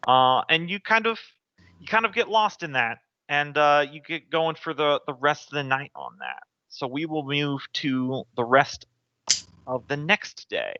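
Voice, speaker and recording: Man, game master, bright tense voice, dry dull lo-fi sound, halting narration. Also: a little high, sing-song, dry recording. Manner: hesitant, many ums and restarts.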